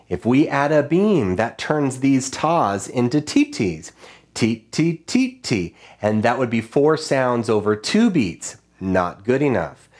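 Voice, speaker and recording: Guy teaching kids music, slow and patient, chants rhythms, voice goes up and down a lot. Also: mid-range voice. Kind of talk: online music lesson for children.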